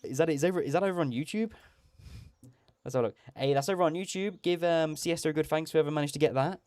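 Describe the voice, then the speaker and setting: A man's voice: fairly high pitch, fast talker, darkish tone, clear, resonant tone, dry recording. A man hosting a gaming livestream, rambling casually, laughing often and correcting himself mid-sentence.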